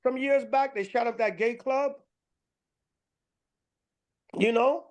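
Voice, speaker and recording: Brief: male online commentator, high voice, rambling, coarse, casual religious talk. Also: slow pace. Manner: rambling, profane, many fillers and restarts.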